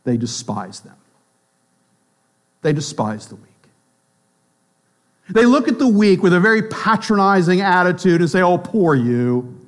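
A man's voice: high-pitched, lively intonation, measured pace, pauses often. A man preaching a sermon in a conversational way, often checking in with the listeners and acting out the voices of people he quotes. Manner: conversational preaching with frequent tag questions; acts out quoted voices of both sides. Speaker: pastor.

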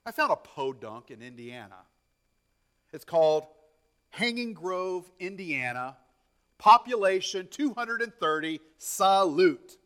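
A man preaching a sermon in a conversational teaching style, often checking in with "okay?" and acting out quotes with lively excitement. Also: unhurried, clean tone. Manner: animated, acts out quotes with rising pitch. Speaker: pastor.

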